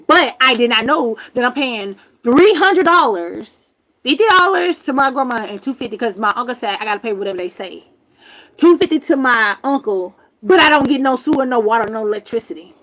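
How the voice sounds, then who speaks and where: A woman in her forties telling a story on a livestream from her grandmother's home, animated and emphatic, swearing freely. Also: a little high, fairly quick. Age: 40s. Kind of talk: casual storytelling rant.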